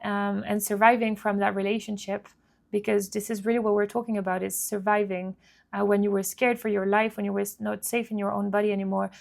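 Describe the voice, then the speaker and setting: A woman vlogger telling a painful personal story to camera in an earnest, halting way, often restarting and repeating words, with faint guitar music under her voice. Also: mid-range voice, flat delivery, gravelly.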